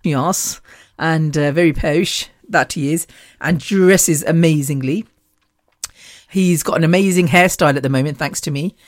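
A woman hosting a podcast, telling rambling personal stories in a chatty, animated way and laughing often. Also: low-pitched, unhurried, no echo, clean studio sound. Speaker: podcast host.

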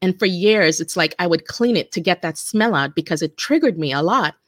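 A woman in her forties, a guest telling a personal story in an earnest, halting way with many restarts. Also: on the low side, lively intonation, no echo, studio quality. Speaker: interview guest. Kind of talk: personal testimony in conversation.

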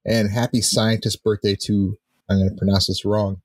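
A man cohosting a casual space podcast who is playful and quick to joke. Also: lowish voice, flat delivery, no echo. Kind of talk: casual chat.

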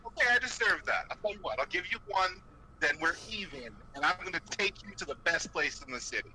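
A man voicing a fast-talking, falsely friendly hustler trying to calm someone. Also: high voice, a little hiss or hum, exaggerated voice, rough recording. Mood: placating. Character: smooth-talking male hustler, pushy and guilty.

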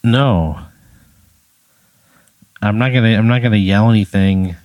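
A man's voice: fairly low pitch, measured pace, a little mellow, no room sound. A man co-hosting, reacting to a comic scenario with exasperated, indignant protests. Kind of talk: improvised comedic back-and-forth.

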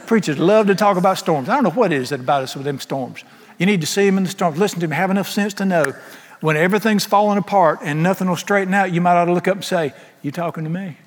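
He's a fast talker, this middle-aged preacher, giving an emphatic, folksy sermon with comic asides. His slightly high voice echoes with a long reverb that suggests a large church hall.

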